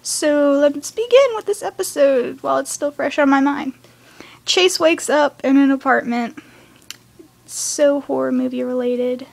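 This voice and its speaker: A teenage girl with a high, bright voice rattles through a cartoon episode she just watched, chatty and excitable. She recaps at speed, then slips into hushed whispered asides. She is recording at home, alone in her room. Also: unhurried, creaky. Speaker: fan reviewing a cartoon episode.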